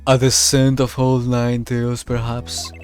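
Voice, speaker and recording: A man's voice: mid-range voice, completely flat delivery, takes it slowly, a little mellow, soft background music, pitched below the performer's own voice, close to an everyday voice. A man voicing a pompous mayor possessed by a crow demon, speaking in grand, archaic commands. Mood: imperious.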